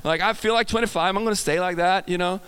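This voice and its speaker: A man's voice: sits high, fast talker, a bit bright, long reverb tail, a little hiss or hum. A man with a Swedish accent preaching a casual, joking sermon, often restarting his sentences and talking to the audience. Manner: chatty, self-correcting, jokes with the audience.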